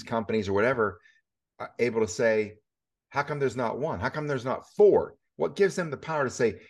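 A middle-aged man hosting a conversational interview, talking in animated bursts that rise to emphatic peaks. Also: lowish voice. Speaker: host.

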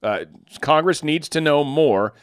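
A man's voice: a little high, lively intonation, unhurried, clean tone, dry recording, clean studio sound. A man hosting casual news commentary, reading stories and tossing in sarcastic asides, stumbling over foreign names. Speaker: political commentary host.

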